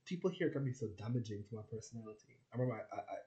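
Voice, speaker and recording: Young man, casual vlog storytelling, rambling, lots of filler words, swears, mid-pitched voice. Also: expressive, very fast, dark tone, highs cut off. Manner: rambling, heavy filler words, swearing, acts out quoted people. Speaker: vlogger.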